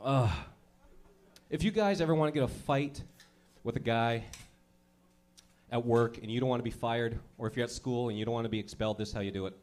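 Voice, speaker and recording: A man's voice: medium pitch, a little fast, pauses often, a little mellow. A man doing a crude, brash stand-up comedy routine, acting out little scenes as he goes. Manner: crude, brash, acts out characters.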